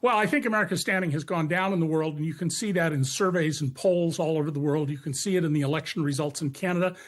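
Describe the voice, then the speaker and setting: A man's voice: a little high, fast talker. A man speaking as a guest commentator in a live TV news debate, blunt and sharply critical, with frequent fillers. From United States.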